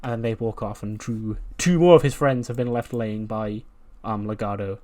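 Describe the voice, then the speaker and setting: A man's voice: lowish voice, normal speed, warm tone. A man casually narrating a wrestling sim playthrough in a chatty, self-mocking way, often laughing at himself. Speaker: let's-play narrator. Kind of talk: casual game commentary.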